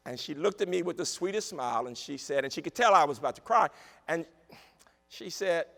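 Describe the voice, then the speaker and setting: High, bright-voiced man giving an emphatic keynote. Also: fast talker. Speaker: keynote speaker, university president. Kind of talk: inspirational keynote speech. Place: large conference hall. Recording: long hall reverb over a PA.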